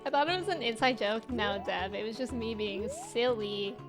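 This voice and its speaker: A woman's voice: fairly high pitch, normal speed. A young woman with a Midwestern American accent, chatting casually and giggling with viewers while she streams a game. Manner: giggly, rambling, chats with viewers. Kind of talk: casual gameplay livestream chat. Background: game music.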